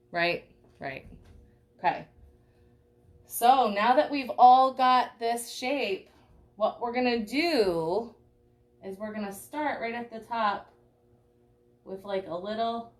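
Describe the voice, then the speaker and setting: A young woman teaching a live online painting class, chatty and encouraging, checking in with "okay?" often. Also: lowish voice. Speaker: art teacher.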